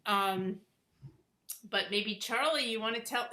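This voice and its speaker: A woman's voice: on the high side, slow pace, sharp tone. A woman hosting a live-streamed interview, upbeat and encouraging toward her guests. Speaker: host. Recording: roomy, echoey sound.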